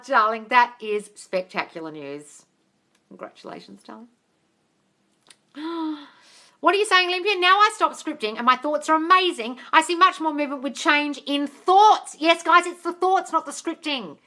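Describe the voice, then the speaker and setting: High, bright, blunt woman coach. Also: normal speed, slight background noise. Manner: blunt and sweary, calls viewers darling; bursts into loud excited cheers. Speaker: manifestation coach answering live chat. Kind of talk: live-stream Q&A, reading comments aloud.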